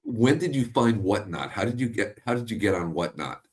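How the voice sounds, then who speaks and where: A man hosts a casual interview, asking questions and reacting with open enthusiasm. His voice sits a little low for a man. His talk is blunt and unpolished, with the odd casual swear. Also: animated, normal speed, a little mellow. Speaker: interview host.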